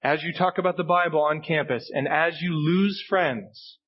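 Male pastor, sermon, emphatic repetition, husky tone, muffled sound. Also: on the high side, normal speed. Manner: earnest, emphatic preaching with repetitions. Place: church sanctuary.

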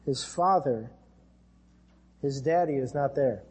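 A man's voice: mid-range voice, takes it slowly, darkish tone, breathy edge. A man with an American accent preaching an earnest sermon as pastor, lifting his voice when he reads scripture.

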